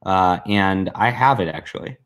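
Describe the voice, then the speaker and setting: A man's voice: low voice, moderate pace, fairly bright tone, slight background noise. Man joking through a co-hosted podcast. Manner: reads a message aloud in a put-on mocking voice, laughing. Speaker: podcast co-host. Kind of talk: casual mocking commentary.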